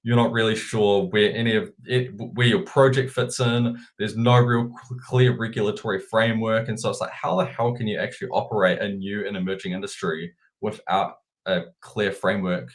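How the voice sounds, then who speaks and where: A man's voice: lowish voice, moderate pace. A man with a New Zealand accent, a guest talking casually about markets and crypto, with frequent repeated words. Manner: relaxed, repeats words when thinking. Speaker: guest analyst.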